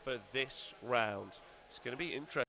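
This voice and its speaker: A man's voice: medium pitch, a little fast, gravelly, pushed and bright. A man hosting casual live-stream commentary at a tournament venue, rambling and blunt with casual swearing.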